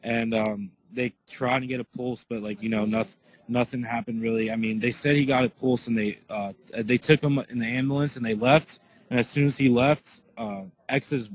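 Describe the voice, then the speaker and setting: A man giving a casual spoken eyewitness account to his viewers, answering questions in a halting way full of "like" and restarts. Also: medium pitch, rough recording. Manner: halting, filler-heavy, lots of "like" and restarts.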